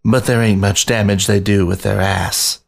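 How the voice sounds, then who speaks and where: A man's voice: fairly low pitch, fairly even intonation, normal speed, creaky. A man voicing a big, brawny male panther in a spoken story, with a smug, purring manner.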